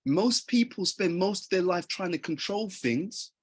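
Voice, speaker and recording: Husky-voiced man giving an earnest motivational talk. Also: sits high, expressive, unhurried. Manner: earnest, conversational, poses questions to listeners. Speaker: motivational speaker.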